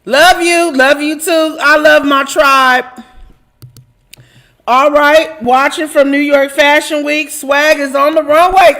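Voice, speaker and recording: A woman's voice: high voice, slow pace, fairly bright tone. A woman hosting a live online talk show, joking and affectionate with her viewers as she signs off, laughing often. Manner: churchy, affectionate toward viewers. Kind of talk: casual live-stream sign-off chat.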